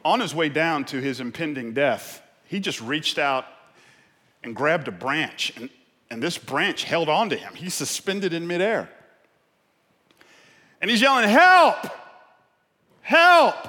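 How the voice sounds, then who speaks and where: Impassioned preacher with a bright voice. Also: male voice, a little high, long reverb tail. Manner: impassioned, with stammered restarts. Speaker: pastor. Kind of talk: sermon.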